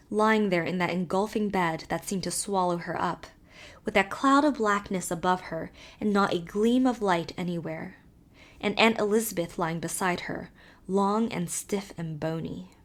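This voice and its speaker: A woman narrating a classic novel in a measured, expressive reading. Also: mid-range voice. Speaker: audiobook narrator. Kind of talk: scripted narration.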